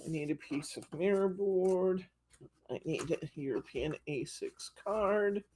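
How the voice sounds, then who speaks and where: A woman's voice: on the low side, unhurried, warm tone, slight background noise. A woman leading a live-streamed card-making class, chatting and telling stories with frequent giggles. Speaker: craft class instructor.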